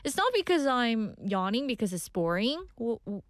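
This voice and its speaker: A woman's voice: fairly high pitch, big pitch swings, normal speed, no echo, clean studio sound. A young woman hosting a radio show, chatting playfully between two languages as she reads listener messages and laughs often. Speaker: radio DJ host.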